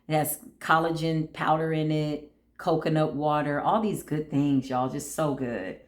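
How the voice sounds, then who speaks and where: A woman's voice: low voice, measured pace. A middle-aged woman chats about spirit and everyday stories, slipping into other people's voices as she tells them. She talks from a room with a noticeable echo. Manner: animated storytelling, acts out voices, laughs often. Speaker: spiritual reader. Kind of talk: casual spiritual talk. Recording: echoey room.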